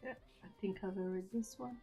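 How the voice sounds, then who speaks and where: A woman streamer talks casually to her viewers, giggling and self-conscious as she goes. Her pitch sits in an ordinary middle range. Faint music plays under her voice. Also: a little fast, warm tone. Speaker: streamer host. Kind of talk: casual live-stream chat and poem reading.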